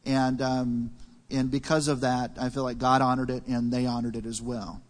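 A man hosting a church panel discussion, asking questions in a plain, measured way. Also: mid-range voice, level tone, long reverb tail. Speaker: panel host.

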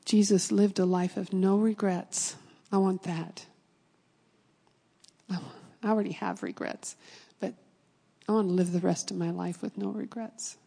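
Middle-aged woman preaching, earnest, soft husky voice, big echoey hall. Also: mid-range voice, steady tone, unhurried, pauses often. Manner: earnest, drops into whispers for emphasis. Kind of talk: sermon with personal testimony. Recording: long hall reverb.

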